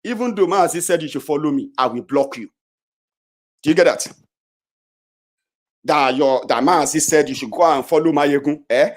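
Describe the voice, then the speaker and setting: Nigerian man, middle-aged, fairly high voice, angry political rant, shouts then mutters. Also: moderate pace, pauses often. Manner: heated, confrontational, swings between shouting and low muttering. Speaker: political commentator.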